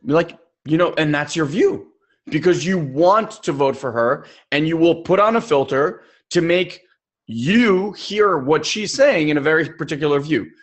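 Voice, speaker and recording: A young adult man co-hosting a personal development podcast, telling stories in an animated way and acting out the people he quotes. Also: a little high, measured pace. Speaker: podcast co-host.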